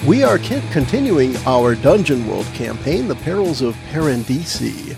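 A man hosts a tabletop role-playing podcast as its game master. His voice has a gravelly, creaky edge and his manner is friendly and relaxed. Music plays clearly beneath his talk. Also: mid-range voice, moderate pace.

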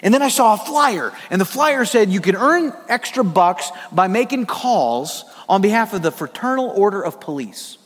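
A preacher from South Dakota telling a personal story in a sermon, animated and humorous. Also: male voice, high voice, normal speed, hardly any pauses. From South Dakota, USA. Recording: long reverb of a large hall.

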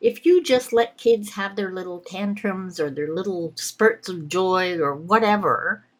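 A middle-aged Canadian woman is a guest in a podcast conversation, reflectively sharing personal stories and often laughing mid-sentence. She has a mid-range voice and an unhurried pace.

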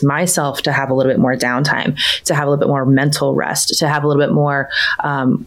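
A woman with a low-pitched voice talks casually about her family as a coaching client. She fills her sentences with "like" and "you know" and gets animated when she quotes her children. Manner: chatty, lots of fillers like "like" and "you know", animated when quoting her kids. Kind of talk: casual conversational storytelling.

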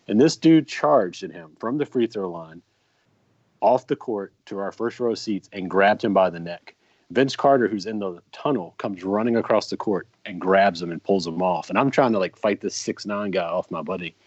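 Low-voiced man telling a rambling story. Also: no echo. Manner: rambling anecdotes with many ums and restarts. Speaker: podcast co-host. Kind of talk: casual storytelling. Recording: dry, slightly muffled podcast mic.

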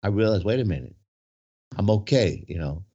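A man's voice: lowish voice, lively intonation, brisk, mellow. A man telling a long personal story in casual conversation, rambling and checking in with "right?" as he goes. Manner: rambling, full of "right?" and restarts. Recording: dull lo-fi sound.

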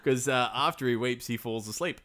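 A man spins a folk tale in a loose, rambling way, cursing freely and dropping into throwaway character voices. His pitch sits in an ordinary middle range for a man. It is a relaxed podcast chat between friends. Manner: rambling, swears, puts on quick silly voices for characters. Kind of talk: casual comedic storytelling.

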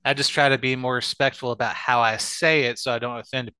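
A man's voice: medium pitch, fairly even intonation, fast talker, bright, forceful tone, smooth, no room sound. A man chatting as a podcast guest, joking, swearing and acting out the banter he tells. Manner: joking, swears often, acts out quoted banter. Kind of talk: casual chat.

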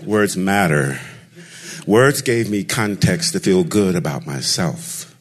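Deep-voiced male storyteller. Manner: expressive, rhythmic, deliberate pauses. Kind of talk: storytelling performance.

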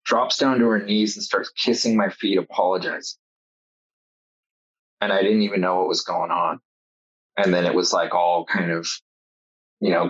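A man with a low, husky voice tells stories in loose, casual chat and swears freely. The sound is dull and lo-fi. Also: a bit bright.

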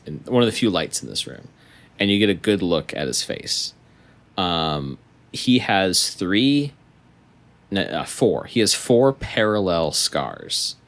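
A young man narrating a tabletop game as game master, slow and hesitant with many pauses. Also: low-pitched, fairly bright tone.

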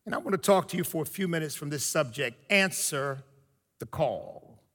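A man preaching a sermon, with emphatic pauses and slow, drawn-out phrases. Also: fairly high pitch. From United States. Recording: long hall reverb.

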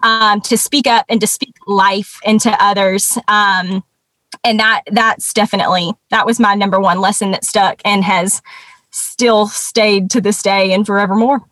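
A woman guest telling a personal story in an earnest, conversational way, with many pauses and restarts. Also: medium pitch, fairly even intonation, fairly bright tone, no echo.

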